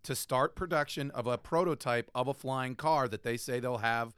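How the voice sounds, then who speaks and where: A man's voice: medium pitch, moderate pace, fairly bright tone, clear, resonant tone, no room sound, studio quality. A man co-hosting a radio talk show, casually explaining a news item.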